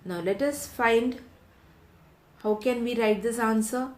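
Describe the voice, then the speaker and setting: A woman teacher, taking a class of children through a lesson, repeating each question and answer slowly so they can write it down. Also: on the high side, a little mellow. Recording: roomy echo.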